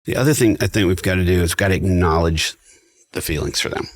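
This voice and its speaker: A man's voice: low voice, fast. A man who is a guest on a podcast, talking reflectively to dads in a casual chat and quoting what he says to his kids. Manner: reflective, quotes himself, talks to dads directly.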